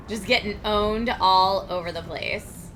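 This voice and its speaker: A woman streamer talking her way through a video game live, thinking aloud with quick laughs. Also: mid-range voice, a bit bright, a little hiss or hum. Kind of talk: live gameplay commentary. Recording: game music playing behind.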